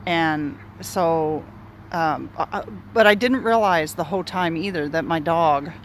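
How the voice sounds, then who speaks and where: Standing outdoors by some bushes in the city, a woman shares a personal story casually, rambling candidly, cursing freely, and looping back on herself. She has a low voice and a measured pace, and the recording carries a little hiss or hum.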